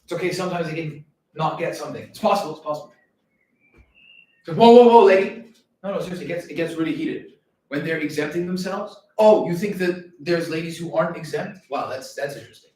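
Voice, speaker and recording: A man talking in a long, rambling monologue, animated and swearing freely, often slipping into quoted voices. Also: on the high side, fast. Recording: very echoey room, mic at a distance, faint noise.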